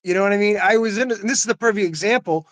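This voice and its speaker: A man's voice: high voice, rapid-fire, a bit bright, dry recording. An older man in casual conversation, telling stories earnestly with frequent "you know what I mean" asides. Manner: laughs often. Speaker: host.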